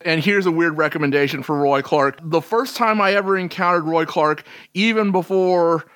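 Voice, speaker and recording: A man's voice: on the high side, moderate pace, fairly bright tone, no echo. A man co-hosting a podcast, chatting casually about old chart songs with asides. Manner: chatty, conversational, trails into asides. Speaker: podcast co-host.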